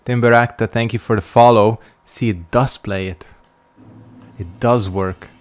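Lowish guy streaming a game, dry jokey asides, kinda sleepy. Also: steady tone, unhurried. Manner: wry, joking asides while playing. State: sleepy, yawning. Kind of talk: casual gameplay commentary.

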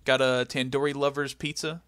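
A young man co-hosting a casual comedy podcast, recapping a wrestling show with animated storytelling and goofy impressions. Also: medium pitch, brisk, clean tone, no echo. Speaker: podcast co-host.

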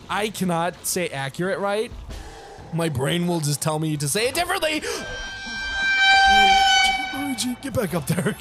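A man giving excitable let's play commentary, laughing often and breaking into yelps and shouts. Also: high voice, normal speed. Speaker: gameplay commentator. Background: video game music.

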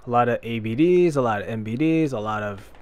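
A young man giving casual let's-play commentary, self-deprecating, with loud frustrated outbursts. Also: mid-range voice, fairly quick, lo-fi sound, slight background noise. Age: young adult. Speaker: gameplay commentator.

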